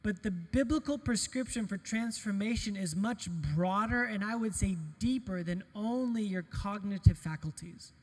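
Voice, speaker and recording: High-voiced pastor preaching in a reverberant hall. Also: male voice, normal speed, few pauses. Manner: animated, storytelling, self-deprecating humor. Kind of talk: conversational sermon with personal stories.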